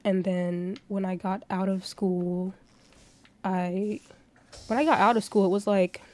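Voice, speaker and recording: A woman's voice: mid-range voice, little pitch movement, unhurried, dark tone. Profane, ranting young woman streamer. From Florida. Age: 20s. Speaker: livestreamer. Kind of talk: casual stream chat.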